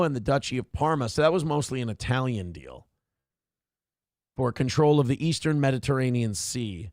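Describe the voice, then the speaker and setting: A man's voice: mid-range voice, creaky, a little mellow, no echo, clean studio sound. A man hosting a livestream who rambles, swears freely and reads viewer messages aloud. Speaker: livestream show host. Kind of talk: casual livestream chat.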